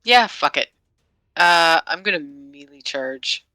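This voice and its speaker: Slow, bright-voiced joking tabletop player. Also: mid-range voice, expressive, no echo. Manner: wry, joking asides. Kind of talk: casual tabletop play.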